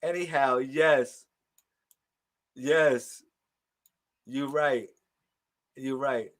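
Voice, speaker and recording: A man hosting a casual live stream of psychic readings, talking loud and slangy, laughing and calling out to viewers. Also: mid-range voice, fairly even intonation, very slow. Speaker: livestream host giving psychic readings.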